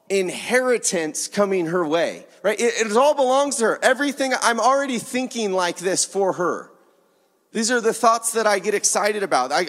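A man preaching a sermon in an earnest, conversational way, acting out bits of dialogue. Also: sits high. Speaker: pastor. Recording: long reverb of a hall.

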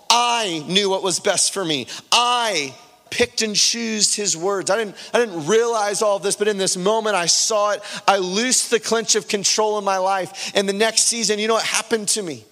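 High-voiced man preaching in a reverberant hall. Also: fairly bright tone. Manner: impassioned, earnest preaching. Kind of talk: sermon with personal testimony. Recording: long reverb of a large hall.

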